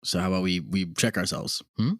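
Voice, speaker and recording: A man hosting a comedy podcast, animated and teasing, swearing often in casual chat. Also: low-pitched, a little fast, no room sound, studio quality. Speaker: podcast host.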